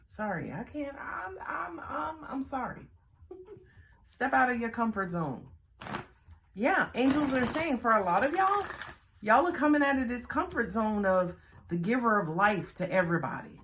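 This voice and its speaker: A woman with a Southern US accent giving a casual tarot reading, blunt, animated and full of cursing. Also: medium pitch, moderate pace, background noise. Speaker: tarot reader.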